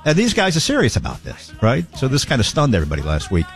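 Lively joking male talk host. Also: mid-range voice, fast talker, faint music behind. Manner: joking, animated riffing with laughs. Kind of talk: comedic commentary.

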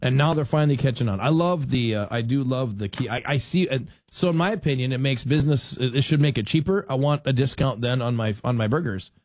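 A man's voice: medium pitch, fast talker, few pauses, a little mellow, no echo. A man hosting a talk radio show in casual, rambling chat, sarcastic and full of restarts and self-corrections.

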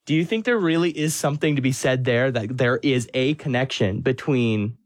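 A man interviewing a guest and asking a thoughtful, measured question. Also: medium pitch, dry recording, clean studio sound.

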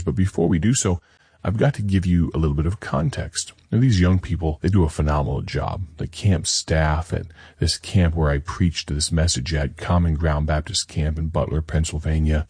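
A man's voice: very deep voice, mellow, husky, dry recording, clean studio sound. A man, an evangelist, earnestly introducing a broadcast sermon in a conversational, storytelling way.

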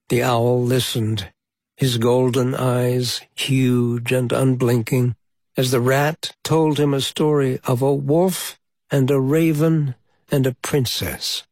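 A man narrates a children's story at a very unhurried pace. His voice is husky and breathy. The recording is dry and close, with no room sound. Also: mid-range voice, no room sound. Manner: slow, gentle and measured. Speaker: storybook reader. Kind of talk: reading a children's story aloud.

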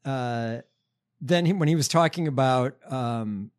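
Podcast host, man, average pitch, halting and stumbling. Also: clean tone. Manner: halting, many fillers and restarts. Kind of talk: casual political chat.

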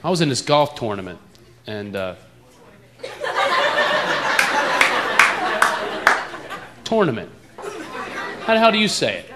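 Man from back east, stand-up comedy, lively pitch, loud crowd and noise. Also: very slow, pauses often. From eastern United States. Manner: playful, mimics accents. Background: loud audience laughter.

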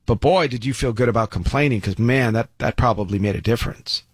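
A man's voice: medium pitch, fast, breathy edge, no room sound. A man giving an opinion commentary monologue in a folksy, sarcastic way with many asides.

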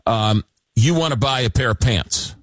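A man's voice: medium pitch, no room sound. A man hosting a late-night call-in radio show, reading listener messages and talking with callers, with frequent fillers and restarts. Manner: reads listener messages aloud, halting with fillers. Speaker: radio talk show host.

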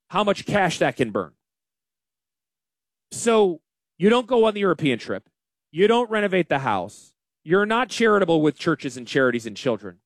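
A man hosting a casual financial radio show, talking in an animated, joking and self-deprecating way. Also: high-pitched, no room sound, studio quality. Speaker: financial advisor and radio host.

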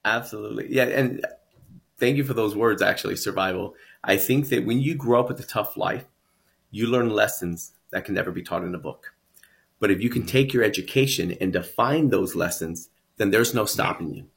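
A man with a fairly low voice speaks as a guest in an interview. He recounts his life earnestly and reflectively, repeating words as his thoughts build. Nothing here is acted; it is his own voice, talking plainly. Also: normal speed, vocal fry. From San Antonio, Texas. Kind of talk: personal storytelling interview.

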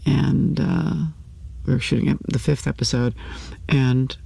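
An older actress speaking candidly in an interview, with halting restarts and fillers. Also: female voice, rumbling low, fairly even intonation, gravelly, warm tone, slightly rough, no room sound. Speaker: actor, interview guest.

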